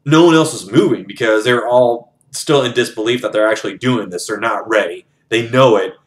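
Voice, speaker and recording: A man's voice: mid-range voice, fairly quick. Casual man retelling a book. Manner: loose, profane, many fillers. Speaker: book reviewer.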